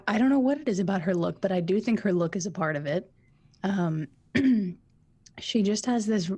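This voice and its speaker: A woman's voice: mid-range voice, a little mellow, no room sound. A woman co-hosting a podcast, chatting casually and enthusiastically as she thinks aloud. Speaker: podcast co-host. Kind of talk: casual chat.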